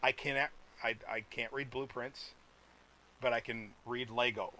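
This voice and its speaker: A podcast co-host from the United States chats in a rambling, casual way and laughs a lot. He has a mid-range voice, steady, bright and forceful, and talks a little slowly. The recording is rough, with slight hiss or hum.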